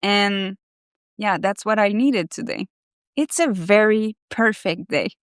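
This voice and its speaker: Woman, live-stream host. Mid-pitched, dry close sound. Candid and effusive, swears freely while reading her own article aloud. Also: takes it slowly, no echo. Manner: candid, profanity-laced, self-reflective; animated and effusive.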